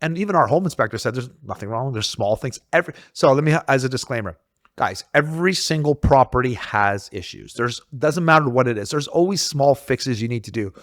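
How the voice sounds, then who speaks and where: Animated man telling a realtor story. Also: medium pitch, a little fast, dry recording, clean studio sound. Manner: animated storytelling, acts out quoted exchanges. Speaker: realtor, podcast host. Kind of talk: casual podcast chat.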